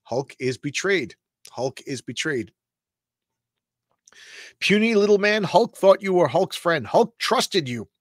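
A man's voice: high-pitched, animated, takes it slowly, long pauses, no echo, clean studio sound, voice pushed up, exaggerated voice. A man voicing a huge, hurt, angry green male brute who talks about himself in the third person. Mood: wounded.

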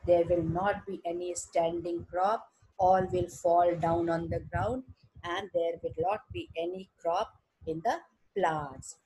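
Very husky Indian woman teacher. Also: on the low side, a little mellow, poor audio. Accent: Indian English. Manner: reads a passage aloud, then explains it simply; slow, careful teaching tone with fillers. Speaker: English teacher. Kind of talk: explaining a textbook story.

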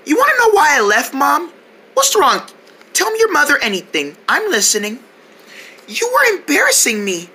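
A woman's voice: high-pitched, wildly swooping pitch, moderate pace, bright, forceful tone, full character voice. A woman voicing a shy, sulky young girl cricket who whines and pouts.

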